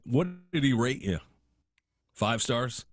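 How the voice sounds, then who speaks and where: A man's voice: mid-range voice, expressive, slow, dry recording. A man hosting a podcast, bantering casually with blunt, profane interjections. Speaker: podcast host.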